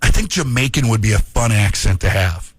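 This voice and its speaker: Animated man hosting morning radio. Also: fairly low pitch, fairly quick, husky, dry recording. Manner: jokey, laughs often, playful. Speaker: radio show host. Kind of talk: casual morning radio chat. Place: radio studio.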